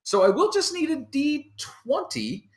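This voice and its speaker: A man narrating as dungeon master of a tabletop game, relaxed and rambling, often breaking into laughter. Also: extremely high pitch, a little slow, reverberant.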